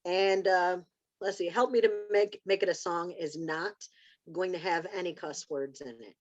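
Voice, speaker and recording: A woman guest on a podcast, chatting casually and telling animated stories with frequent restarts. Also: on the low side, normal speed, dull audio. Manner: animated storytelling with repeated restarts. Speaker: podcast guest, spoken word writer.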